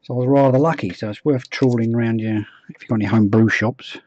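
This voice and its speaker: A man streams himself painting miniatures, chatting casually while muttering and humming idly in between. His mid-range voice is steady and darkish, and he talks fast; the recording is dry, dull lo-fi stream audio.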